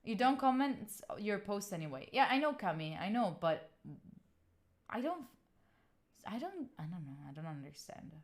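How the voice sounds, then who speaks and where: A twenty-something woman from Italy chats openly with her stream viewers in English, her Italian accent clear, her voice mid-range and her speed normal. She's animated, frank and freely profane, answering chat as she reads it.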